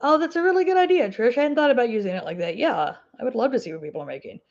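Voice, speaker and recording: An animated woman with an Ozark twang, from the US Ozark Mountains, rattles off rapid-fire chat during her crafting livestream, rambling through viewer comments and laughing a lot. Her fairly high voice carries vocal fry and a darkish tone, with lo-fi sound.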